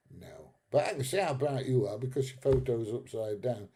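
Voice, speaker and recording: A man's voice: medium pitch, very animated, moderate pace, few pauses, mellow. A middle-aged man hosting a live stream, chatting casually and bluntly, swearing and laughing at his own jokes. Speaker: live stream host reading chat.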